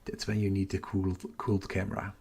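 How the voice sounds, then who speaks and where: A middle-aged man hosting a night-time telescope livestream from home, half-whispering so he doesn't wake the house, muttering to himself over his capture software. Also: sits low, monotone, fast talker, creaky, breathy edge. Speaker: astrophotography livestream host. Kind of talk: live stream commentary, talking to chat.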